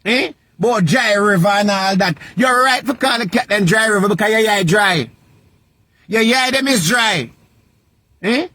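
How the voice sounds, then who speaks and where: A man with a Jamaican accent and a notably high voice, lecturing someone in a vlog rant. He hammers points by repeating them in a sing-song, preacher-like cadence. The sound is close and dry. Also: a little slow, pushed and bright, no echo. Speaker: vlogger. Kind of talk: scolding social media rant.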